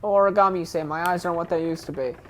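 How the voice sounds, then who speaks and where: A woman's voice: lowish voice, steady tone, racing, a little hiss or hum, close to an everyday voice. A woman putting on a drawling old tree elder. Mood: gruff. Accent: Southern US, put on.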